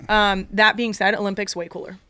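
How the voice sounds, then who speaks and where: A woman's voice: medium pitch, flat delivery, bright, forceful tone, clear, resonant tone, no room sound. Woman, 30s, Philly accent, teasing, laughing, dry close sound. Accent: Philadelphia. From Philadelphia area. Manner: playful, quick laughs, teasing. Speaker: podcast guest. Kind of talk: casual chat.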